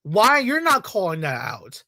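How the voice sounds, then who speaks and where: A fired-up vlogger delivering a swearing, repetitive rant straight to the audience. The voice sits at a middling pitch in a dry, close-up sound with almost no room around it. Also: huge pitch swings, a little slow, sharp tone, no echo. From Latino community in the United States. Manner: angry, profane, repetitive rant. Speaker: video creator. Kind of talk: heated ranting commentary.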